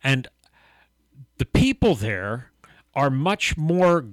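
A man's voice: medium pitch, extremely slow, no echo. A middle-aged man co-hosting a casual Christian talk show, telling stories and acting out quotes. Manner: animated storyteller, acts out quotes. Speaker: co-host of a Christian talk podcast. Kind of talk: casual faith discussion.

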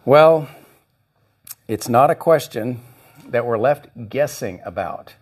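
Guy pastor preaching, slightly husky voice, really animated, acts out the quotes. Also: mid-range voice. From United States. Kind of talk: sermon.

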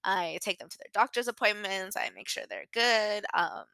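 A woman's voice: medium pitch, moderate pace, creaky, bright, forceful tone, dry recording, poor audio. A young woman hosting her own podcast, talking candidly and emotionally, rambling with restarts and close to tears. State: near tears. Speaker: podcast host. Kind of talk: personal podcast monologue.

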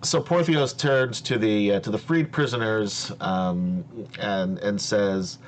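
A man narrates a tabletop game as game master in a deep voice. He talks slowly, pausing often on fillers. A faint hum runs under the recording. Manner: slow, hesitant narration with many fillers.

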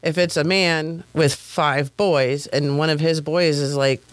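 Thoughtful podcast co-host, middle pitch. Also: fairly even intonation, unhurried, dry recording. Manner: thoughtful, agreeing, loses the thread with restarts. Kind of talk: casual chat.

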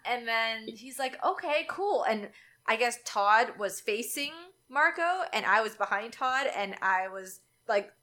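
Girl in her 20s, bright voice, chatty storytelling, does the quotes all animated. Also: measured pace. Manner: animated, acts out quotes with big pitch jumps. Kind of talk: casual storytelling chat.

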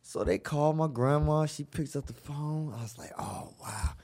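A man from Virginia telling a long story as a podcast guest, with animated asides and jokes. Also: on the high side, normal speed. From Virginia, USA. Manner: animated, joking, lots of asides. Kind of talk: casual storytelling.

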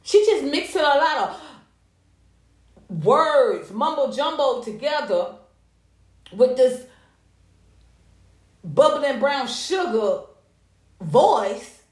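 An American woman giving casual, sassy gossip commentary, animated and profane. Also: high voice, extremely slow, pauses often. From United States. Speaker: commentary vlogger. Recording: echoey room.

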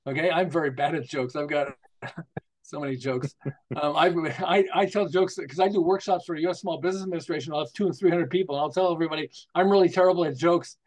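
On a podcast, a marketing consultant aged 60 or more tells anecdotes at a quick pace, his voice on the high side. His manner is lively, with plenty of laughter as he jokes and chats casually.

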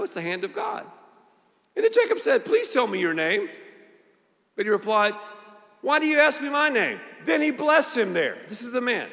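A man with a fairly high voice delivers a lively sermon, acting out the voices in the story and driving his points home with repeated punchy phrases. His voice rings out with the long reverb of a large hall. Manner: animated, acts out voices and quotes, punchy repetition. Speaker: pastor.

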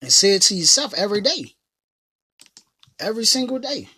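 A woman's voice: mid-range voice, big pitch swings, fairly quick, bright, forceful tone, slightly rough. A woman hosting a casual motivational talk, who speaks emphatically and repeats her phrases in a slangy, conversational way. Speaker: motivational podcast host.

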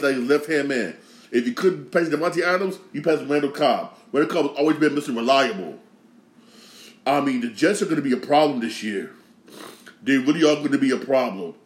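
Man, podcast host, casual sports rant, slangy, repetitive, mid-pitched, echoey room. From Connecticut. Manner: ranting, repetitive, slangy, swings from loud outrage to low grumbling.

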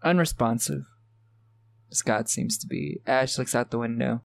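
A man's voice: medium pitch, unhurried, vocal fry. A man co-hosting a podcast, casually walking through a horror film's plot and laughing often. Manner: laughs often, plays back the plot beat by beat. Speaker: podcast co-host recapping a film. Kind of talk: casual film recap chat.

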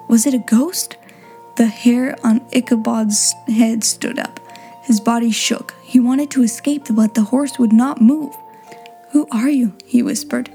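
A woman reads a storybook aloud in a clear, simple way suited to learners. Her voice sits a little high but sounds mellow and warm. Soft music plays faintly underneath. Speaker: narrator.

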